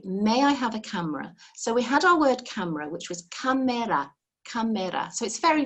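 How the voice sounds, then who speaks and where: A woman's voice: medium pitch, fairly bright tone. A woman teaching a live beginner language lesson over a video call, patient and encouraging, explaining step by step.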